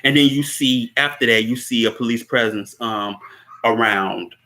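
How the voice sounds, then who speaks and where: Man, casual movie recap, rambling, laughs a lot, bright tone. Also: mid-range voice, moderate pace. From Chicago. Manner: rambling, laughs often, many fillers. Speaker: host.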